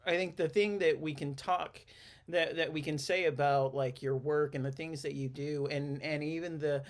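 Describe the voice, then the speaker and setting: Speaking at a moderate pace in a rather high voice with fairly even intonation, a man conducts a podcast interview. This host and counselor rambles casually, constantly restarting sentences and using fillers.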